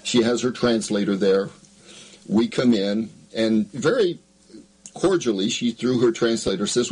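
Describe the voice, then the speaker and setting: A male interview guest who tells stories in an earnest, measured way. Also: fairly low pitch, darkish tone, breathy edge, poor audio. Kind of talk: storytelling interview.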